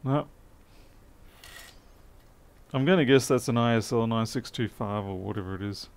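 A man's voice: medium pitch, normal speed, clean tone. A man talking through a circuit board repair live, thinking aloud in a methodical, muttering way. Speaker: electronics repair technician. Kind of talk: live repair stream commentary.

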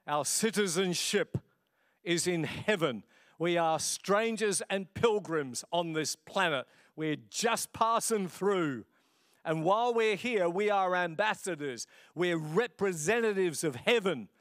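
A man's voice: sits high, a bit bright, dry recording, studio quality. A middle-aged man, a pastor preaching a passionate, conversational sermon. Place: church.

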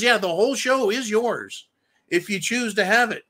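A man hosts a live-style show, ranting in a bright, forceful voice. He swears constantly and sounds openly angry as he talks. His pitch sits a little above most men's. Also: normal speed. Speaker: show host reading viewer comments. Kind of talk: profane political rant.

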